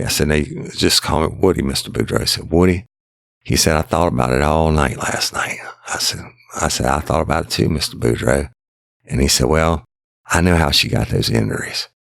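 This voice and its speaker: A man's voice: rumbling low, creaky, no echo, clean studio sound. A middle-aged man, casually telling a true crime story and voicing the people in it. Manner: drawling, conversational, voices the people in the story.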